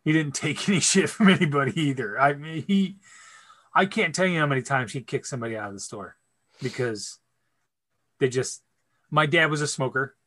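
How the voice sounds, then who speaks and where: Bright-voiced man telling a profane story. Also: fairly high pitch, moderate pace. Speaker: podcast co-host. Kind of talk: casual storytelling chat.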